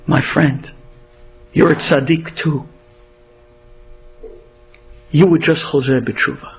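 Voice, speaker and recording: A man drops his voice into a dying, gentle old rabbi who speaks in slow, quiet, tender words. His voice sits much lower than the storyteller's own. The recording sounds dull. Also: steady tone, gravelly, soft background music.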